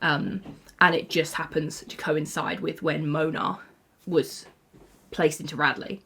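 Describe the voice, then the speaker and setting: A woman's voice: deep voice, fairly even intonation, measured pace, a bit bright, breathy edge. A young woman in her twenties, rambling through casual TV fan commentary with frequent "like"s and laughs. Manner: rambling, lots of 'like', laughs often. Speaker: YouTuber.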